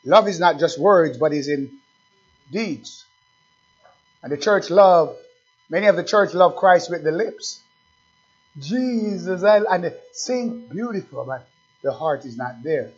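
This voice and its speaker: A high-voiced male pastor delivers a sermon, pressing listeners with rhetorical questions as his fervor rises. He is animated yet measured, with long pauses and a breathy edge, and faint music plays behind him. The recording is dull and lo-fi.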